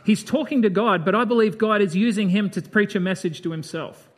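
A preacher with a high, brisk voice gives a conversational Bible sermon. He breaks off from the reading to comment in a chatty, reflective way.

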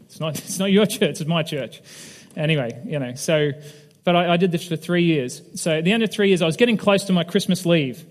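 A man's voice: on the high side, brisk. A male pastor giving a candid, conversational sermon in a church hall and putting questions to his audience. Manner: candid, self-deprecating, asks the audience questions. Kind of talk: conversational sermon with personal story. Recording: long reverb of a large hall.

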